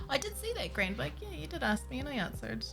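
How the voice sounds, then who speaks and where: A young woman streaming a building game, chatting casually with viewers, giggly and excitable and reacting loudly to surprises. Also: high-pitched, gravelly. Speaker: Minecraft streamer. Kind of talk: casual live-stream chat. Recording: faint music under the voice.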